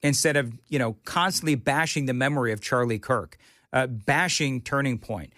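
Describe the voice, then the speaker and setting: A man's voice: medium pitch, normal speed, fairly bright tone, no room sound, clean studio sound. A male talk radio host delivering an indignant, opinionated monologue with mocking asides. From United States. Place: radio studio.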